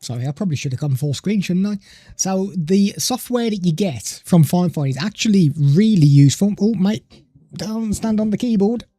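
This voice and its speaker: A man's voice: sits high, lively intonation, moderate pace, mellow, no room sound. A man hosting a casual live product demo at his home desk, talking loosely into a studio microphone and stopping now and then to chat to his pet. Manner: chatty, loose, stops to talk to his pet. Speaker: tech livestream host. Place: home desk streaming setup. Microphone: studio microphone through a mixer at a desk.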